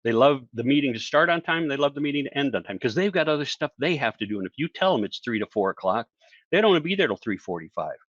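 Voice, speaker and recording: A man coaching virtual presenters in a lively online talk, who asks the audience questions and acts out other people's lines. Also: mid-range voice, fast talker, dry recording, muffled recording. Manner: animated, acts out quoted voices, asks listeners questions.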